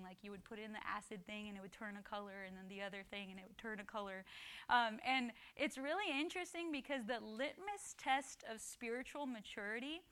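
A woman's voice: fairly high pitch, sharp tone, clear, resonant tone. A woman teaching a casual Bible lesson, talking conversationally, often asking "right?" and quoting scripture. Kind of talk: casual sermon.

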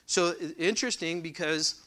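A man preaching a sermon as pastor. He reads scripture loudly and slowly, then explains it in quick, conversational asides and asks the congregation questions. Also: on the high side. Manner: addresses the congregation directly with questions. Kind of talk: expository sermon.

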